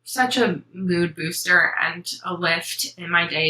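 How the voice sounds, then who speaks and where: A woman's voice: fairly low pitch, normal speed, sharp tone, echoey room, poor audio. A young woman hosting a cross-stitch vlog, chatting to camera in a sentimental, rambling way with many ums. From Florida. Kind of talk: casual chat to camera.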